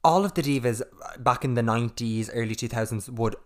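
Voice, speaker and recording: A man's voice: mid-range voice, fairly quick. A man co-hosting a casual podcast chat, blunt, sweary and opinionated. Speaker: podcast co-host.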